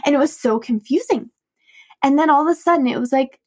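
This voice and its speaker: Woman podcast host and coach, slightly high voice, casual storytelling with frequent laughs and self-mocking asides. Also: fast. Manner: animated retelling with quoted dialogue. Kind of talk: personal storytelling monologue.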